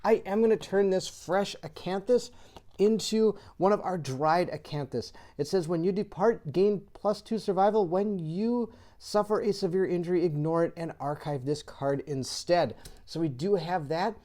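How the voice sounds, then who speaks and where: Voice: medium pitch, moderate pace. A host casually talking through a solo board game session, thinking aloud, reading rule cards out and laughing often. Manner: laughs often and gets excitable.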